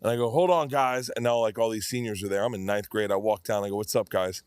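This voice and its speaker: A man's voice: fairly low pitch, fairly even intonation, fast, a little mellow, smooth, no echo. A man telling crude, rambling stories in casual podcast chat, swearing freely. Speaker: podcast guest.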